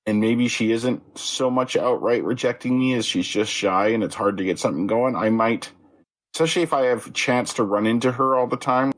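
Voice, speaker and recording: A man co-hosting a podcast, talking in a measured, thoughtful, slightly self-deprecating way. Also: medium pitch, fairly even intonation, low-quality recording. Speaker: podcast co-host. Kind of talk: casual film discussion.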